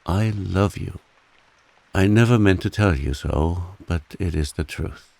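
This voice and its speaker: A man voicing a humble, devoted man earnestly and huskily pleading his love in a soft bedtime reading. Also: low voice, unhurried, creaky, no echo, exaggerated voice.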